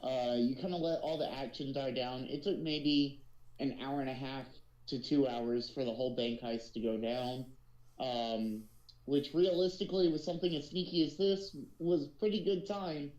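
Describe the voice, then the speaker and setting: A man's voice: mid-range voice, fairly even intonation, normal speed, a little mellow, roomy sound, lo-fi sound. A man running a tabletop role-playing game as dungeon master, narrating casually with many ums and uhs. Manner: casual, filler-heavy narration.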